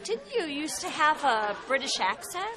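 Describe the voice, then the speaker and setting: A woman's voice: high-pitched, big pitch swings, moderate pace, very noisy. A woman playing a sitcom wife, talking in an exasperated, scheming way. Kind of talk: sitcom acting.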